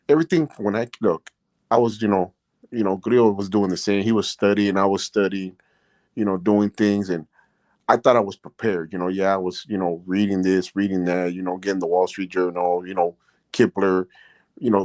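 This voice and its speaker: Deep and darkish, this middle-aged man's voice comes through with no echo. A podcast host and ex-prisoner, he tells personal stories in a loose, meandering, casual style, saying "you know" again and again, and he turns sincere and emotional when describing what happened to him.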